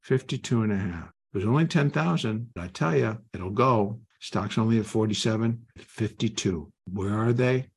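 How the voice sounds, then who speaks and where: A man's voice: on the low side, moderate pace, vocal fry, hardly any pauses. An older man teaching trading, talking live and acting out inner voices. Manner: animated, acts out inner voices. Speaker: trading educator.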